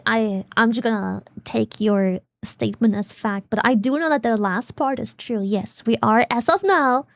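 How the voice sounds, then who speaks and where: A woman from Germany chats on stream in her German accent, sarcastic and quick to giggle. Her voice sits fairly high, recorded close and dry on a desk mic. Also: gravelly, dry recording. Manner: sarcastic, giggly, swears casually. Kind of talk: casual chat.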